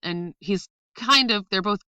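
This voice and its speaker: A woman's voice: mid-range voice, a little slow, bright, forceful tone, smooth, no room sound, poor audio. A woman co-hosting a casual movie-review podcast, laughing often and acting out film lines with gusto. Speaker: podcast co-host.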